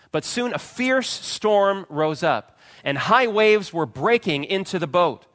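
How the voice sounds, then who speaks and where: A man preaching a sermon, retelling a story with dramatic swings from loud pleading cries to hushed, quiet phrases. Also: mid-range voice. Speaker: pastor.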